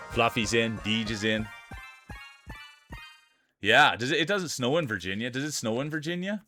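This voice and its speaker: A man with a mid-range voice and a Canadian accent from Saskatchewan hosts a live stream where he calls marble races, pumping up his chat with hyped announcer-style banter.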